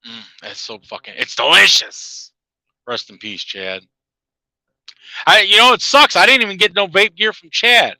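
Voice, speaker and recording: Man, profane rant, heated and mocking, laughs at his own jabs, tense bright tone, dry close sound. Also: sits high, huge pitch swings, moderate pace, dry recording, poor audio. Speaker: channel host. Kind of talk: profane ranting monologue.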